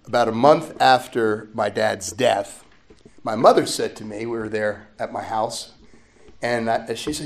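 A middle-aged man, a priest, preaching a sermon as he tells a personal story, gently and with frequent laughter. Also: lowish voice, measured pace, gravelly, echoey room. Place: church.

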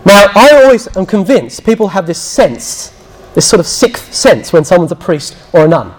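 High-voiced priest teaching. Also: male voice, animated, normal speed. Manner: storytelling, acts out quotes, drops to a hushed voice when recounting prayers. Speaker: Catholic priest. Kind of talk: teaching talk with anecdotes.

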